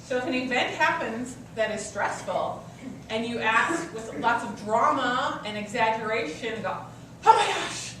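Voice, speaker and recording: A woman's voice: fairly high pitch, unhurried, sharp tone, slight background noise. A woman coach giving a workshop presentation to an audience, teaching in a conversational way with personal stories. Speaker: customer service coach. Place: meeting room with an audience. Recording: echoey room from far off, faint ambience.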